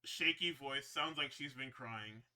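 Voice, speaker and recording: A man's voice: medium pitch, unhurried, pushed and bright. A man hosting a podcast, recapping wrestling shows in a rambling, profane, casual way with frequent laughs. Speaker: podcast host.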